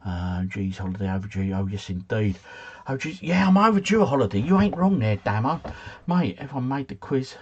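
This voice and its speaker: A husky-voiced man hosting a quiz livestream from home. His pitch rises and falls a lot as he chats, chuckles and replies to viewers' comments in a loose, easygoing way. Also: big pitch swings, fairly quick, muffled recording. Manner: chatty, chuckling, answers chat comments. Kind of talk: casual livestream chat.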